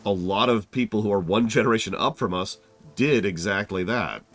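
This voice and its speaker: Low-voiced musing male streamer. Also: normal speed, fairly bright tone, soft background music. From United States. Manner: musing, hesitant, thinking aloud. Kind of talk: game stream commentary.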